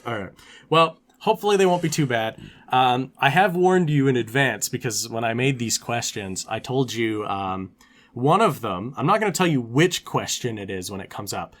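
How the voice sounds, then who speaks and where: A man co-hosting a podcast, chatting casually over a trivia game, animated and quick to laugh. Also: medium pitch. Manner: animated, laughs easily, many fillers. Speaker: podcast co-host.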